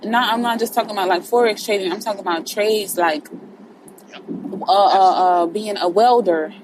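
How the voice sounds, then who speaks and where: A woman's voice: medium pitch, normal speed, background noise. A woman in casual podcast chat, loose and conversational, with many fillers and a swear word here and there.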